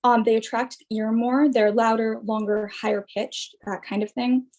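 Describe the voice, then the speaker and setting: Young woman presenting research over a video call, a bit high, lots of "um"s. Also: level tone, moderate pace, a little mellow. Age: young adult. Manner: explanatory, with frequent fillers and restarts. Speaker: student presenter. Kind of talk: academic presentation.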